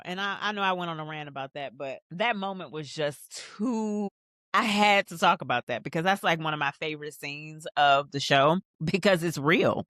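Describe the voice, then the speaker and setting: A woman hosting a TV show rewatch, recapping scenes in a rambling, animated, profane way. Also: fairly low pitch, no echo, studio quality. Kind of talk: casual episode recap and commentary.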